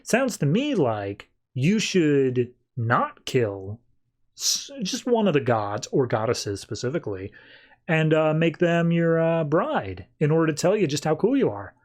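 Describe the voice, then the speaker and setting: A man voicing a scheming female goddess of strife who flatters a villain in a sly, chatty way. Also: on the high side, unhurried. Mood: wheedling.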